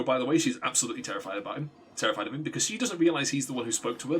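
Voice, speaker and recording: A man streaming a game, casually retelling a story in a rambling, animated way. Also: mid-range voice. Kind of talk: casual gameplay commentary.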